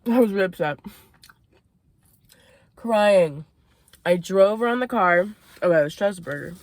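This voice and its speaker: A woman's voice: medium pitch, animated, unhurried, a little mellow, no echo. A young woman from Maine telling a story casually while eating in a car, swearing and laughing between bites. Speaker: vlogger. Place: inside a parked car.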